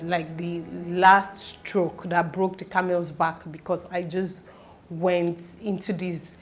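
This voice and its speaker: A woman in her thirties speaking in a personal vlog, halting and close to tears, with faint music behind. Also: lowish voice. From Nigeria. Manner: tearful, halting, fighting back tears. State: close to crying. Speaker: vlogger.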